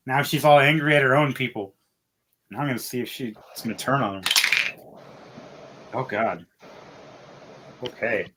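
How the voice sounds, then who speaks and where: A man running a tabletop game as game master, narrating with animated, laughing energy. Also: medium pitch, normal speed, pauses often, a little hiss or hum.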